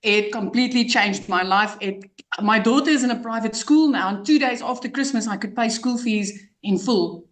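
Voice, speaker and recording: A woman's voice: a little high, moderate pace, few pauses, reverberant. Emotional South African woman. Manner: emotional, excited testimonial. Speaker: guest client.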